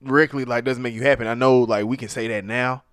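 Man, casual chat, animated, repeats himself, dry close sound. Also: mid-range voice, quick pace, smooth, no echo.

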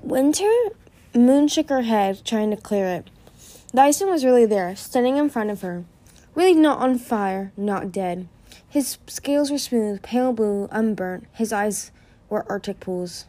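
A woman's voice: medium pitch, animated, a little slow, dark tone. A woman reading a young-adult fantasy novel aloud, lifting her voice for urgent dialogue. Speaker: audiobook reader. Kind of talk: fan audiobook reading.

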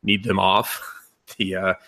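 A man's voice: deep voice, slow pace. A young man on a casual podcast, retelling a film with lots of swearing, laughter and mocking quoted voices. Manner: animated, profane retelling with laughs and mock quotes. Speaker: podcast co-host. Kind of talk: casual anime podcast chat.

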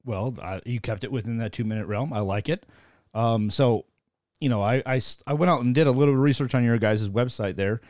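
A male podcast host chatting in a loose, joking way, often stopping for "uh" between thoughts. His voice sits at an ordinary middle pitch. The sound is close and dry, with no room around it. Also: brisk, darkish tone, dry recording. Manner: loose and joking, with frequent "uh" fillers. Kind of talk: casual interview chat.

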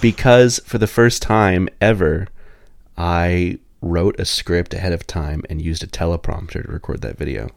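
A man's voice: deep voice, moderate pace, creaky, no echo, clean studio sound. A man co-hosting a podcast, explaining things in easygoing casual chat. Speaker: podcast co-host.

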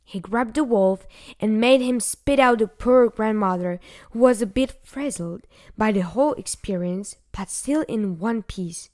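Slow, gentle woman reading a fairy tale. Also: mid-range voice. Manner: gentle, unhurried, dips into whispers. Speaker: storyteller. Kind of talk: storybook narration.

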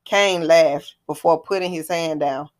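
A woman narrating a scripted drama story in a plain, even reading. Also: deep voice, measured pace.

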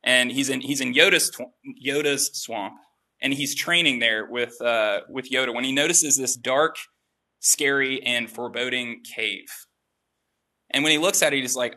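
Preacher, male, very bright and forceful tone, conversational and self-deprecating, mid-range pitch. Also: measured pace. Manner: relaxed, chatty, self-deprecating with casual asides. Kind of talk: conversational sermon.

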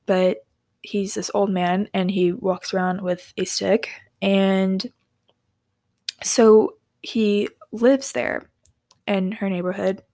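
A young woman hosts a casual podcast and wanders through stories with giggles and apologetic asides. She often sinks into near-whispers. Her voice has a gravelly fry, and the sound is dry and close to the mic. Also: mid-range voice, no echo. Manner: rambling, drifts into soft whispers. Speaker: podcast host.

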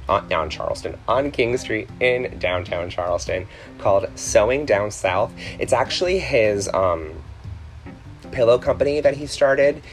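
Chatty podcast host, lower voice. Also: male voice. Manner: chatty, rambling, with many ums and self-corrections. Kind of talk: casual chat.

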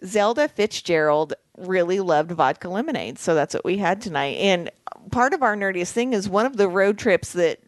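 A woman co-hosting a casual podcast, teasing her friends and steering the talk along. Her pitch moves around a lot. The recording is close and dry. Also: expressive, moderate pace, no room sound. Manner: teasing, upbeat, leads segments. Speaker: podcast co-host. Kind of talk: casual chat.

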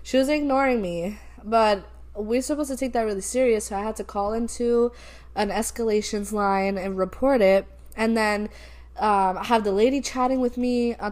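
A young woman co-hosting a podcast, animatedly retelling a story about a work call in casual chat. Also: medium pitch. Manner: animated, retells calls with quoted voices, laughs often. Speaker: podcast co-host.

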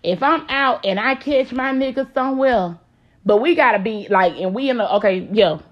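A woman's voice: a little high, moderate pace, dull audio. A woman hosting a casual advice chat, talking brash and profane with lots of laughter. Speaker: host.

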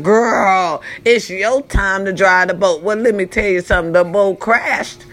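Older woman, storytelling vlogger, dramatic and profane, stretches words out, bright forceful voice. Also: medium pitch, unhurried, few pauses. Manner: animated, dramatic, swears freely, drawls for emphasis; talks straight to her viewers. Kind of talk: storytelling vlog.

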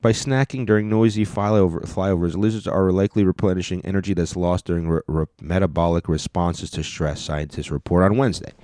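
A man's voice: sits low, steady tone, a little fast, hardly any pauses, mellow, no room sound, studio quality. A man hosting a podcast, giving loose, jokey commentary as he reacts to video clips. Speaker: podcast host.

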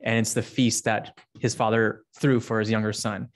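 A young man giving a casual, conversational sermon, reading scripture and acting out the characters with lively jumps in pitch. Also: moderate pace. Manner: conversational, many fillers, acts out characters with rising pitch. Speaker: preacher.

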